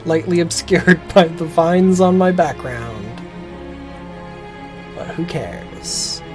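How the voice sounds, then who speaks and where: Slow-talking excitable woman streamer. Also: fairly low pitch, soft background music. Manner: chatty, excitable, swearing casually. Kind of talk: casual game stream commentary.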